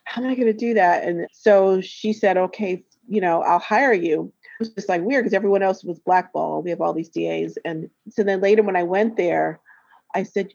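A woman's voice: fairly low pitch, moderate pace, vocal fry, a little mellow, no echo. A woman who works as a therapist and healer, telling a personal story in casual conversation, acting out the voices she quotes and laughing often. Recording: dull, slightly lo-fi dry recording.

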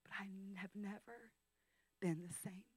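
A woman in her thirties giving a personal testimony as a guest speaker, intimate and emotional, dropping to whispers and rising to loud outbursts. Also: medium pitch, fairly even intonation, unhurried, husky, no room sound, rough recording. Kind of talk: testimony talk. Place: training school session.

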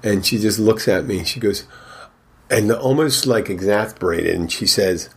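A man's voice: fairly low pitch, moderate pace, breathy edge. A man who works as a bartender, telling a rambling story about customers, with many restarts and quoted exchanges. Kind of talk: casual storytelling.

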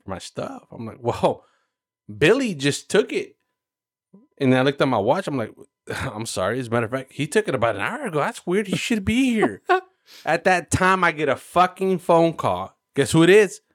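A man co-hosting a podcast, telling a long workplace-style story in casual chat. His delivery is animated and profane, and he jumps his voice up to play the people he quotes. The recording is dry and close. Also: medium pitch, dry recording. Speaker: podcast co-host.

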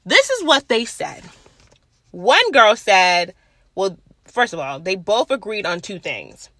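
Loud, outspoken young woman, casual solo podcast chat, bright tone. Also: mid-range voice, big pitch swings, slow, no echo. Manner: blunt and chatty, swears freely. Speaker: podcast host. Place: at her workplace.

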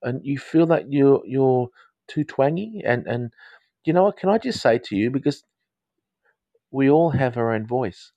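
A man's voice: mid-range voice, animated, unhurried, dark tone, no echo, muffled recording. A man hosting a live counselling chat, rambling and playful, with frequent restarts and jokes. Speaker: counselling host of a live audio show.

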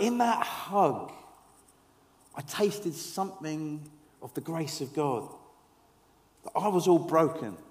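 A man in his forties preaching a sermon, telling stories with humour and dropping to soft, earnest tones. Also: high voice. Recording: echoey hall.

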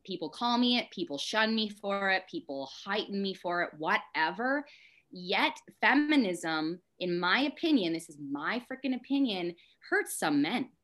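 A woman speaking as a podcast guest, frank and impassioned, talking in rushes and drifting into tangents. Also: medium pitch, big pitch swings, a bit bright. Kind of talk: candid podcast conversation.

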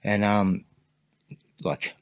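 Low-voiced Australian man telling stories. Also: fairly even intonation, extremely slow, gravelly, no room sound. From Sydney, Australia. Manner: rambling, filler-heavy storyteller. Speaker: podcast guest. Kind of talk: casual storytelling interview.

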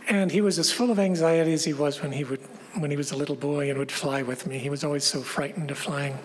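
A woman with a somewhat low voice delivers a reflective, measured sermon, repeating key phrases as she goes. Her words ring out with a long reverb in a large sanctuary, over a faint background hiss. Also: fairly even intonation. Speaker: pastor.

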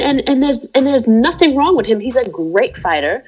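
A woman co-hosting a casual chat, lively and animated, talking through her opinions with lots of asides. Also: sits high, moderate pace, hardly any pauses. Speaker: podcast co-host. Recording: dull lo-fi sound with faint music.

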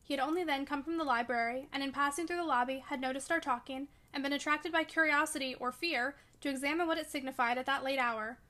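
A woman reading a classic novel aloud in a measured, even storytelling manner. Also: sits high. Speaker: reader. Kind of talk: audiobook narration of a classic novel.

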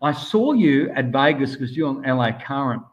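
The audio is dull as an Australian man, a swimmer, is interviewed. His voice is medium-pitched and sing-song at a normal speed, and he rambles enthusiastically and casually at length, saying "mate" constantly.

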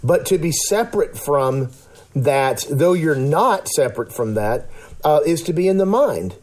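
A man's voice: a little high, very animated, unhurried, a little mellow. A man in casual discussion, talking earnestly in a rambling way with many restarts and fillers.

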